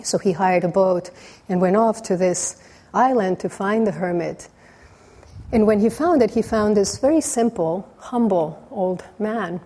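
A woman teacher giving a dharma talk, telling a story in a relaxed way with frequent restarts. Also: mid-range voice, a little slow.

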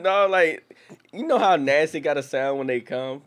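Male co-host, mid-pitched everyday voice, blunt crude jokes. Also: moderate pace. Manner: laughing, blunt and joking. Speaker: podcast co-host. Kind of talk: crude casual banter.

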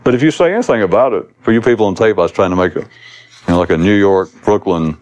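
A man's voice: lowish voice, fast, a little mellow, a little hiss or hum. A man giving a recorded spiritual talk to an audience, rambling and blunt, swearing casually as he teaches.

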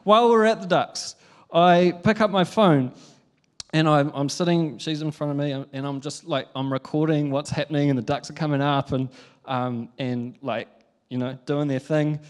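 Chatty New pastor, higher-pitched man. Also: moderate pace. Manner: animated, chatty storytelling with laughs. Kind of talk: storytelling sermon.

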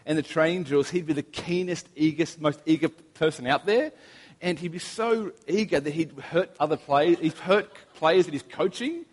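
A young Australian man preaching a sermon, telling relaxed, anecdotal stories with humor. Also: fairly high pitch, moderate pace. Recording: long reverb of a large hall.

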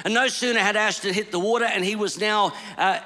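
A man preaching a storytelling sermon, swinging between hushed lines and shouted ones. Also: sits high, fairly even intonation, fairly quick, long reverb tail.

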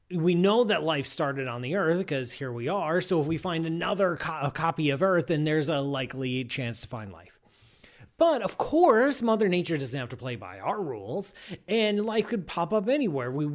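Hosting a live science show, a man talks casually and playfully, launching into mock-outraged rants and wandering off on digressions. His voice is fairly high-pitched.

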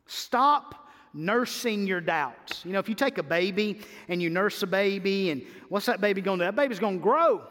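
Preaching with a high voice, this pastor swings from quiet, reflective moments to emphatic high points. His sermon echoes through a long hall reverb.

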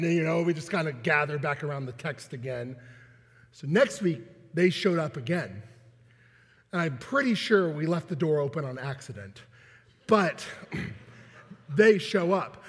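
High-voiced husky man preaching in a hall. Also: normal speed. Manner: animated, acts out quoted voices with laughs. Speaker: pastor. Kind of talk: sermon with storytelling. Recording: long hall reverb.

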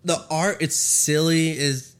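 A man's voice: fairly high pitch, fairly even intonation, clean tone. Profane rambling man on a comic podcast. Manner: rambling, profane, acts out scenes in quick quoted voices. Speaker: podcast co-host. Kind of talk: casual comic review chat.

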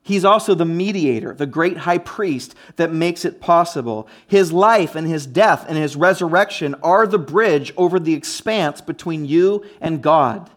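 A man's voice: on the high side, a little slow, few pauses. A man preaching a sermon in a conversational, emphatic way, with frequent restarts and asides. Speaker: pastor.

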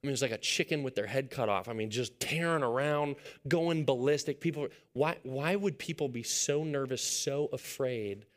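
Storytelling pastor, hushed to excited. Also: male voice, medium pitch, normal speed. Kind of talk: sermon.

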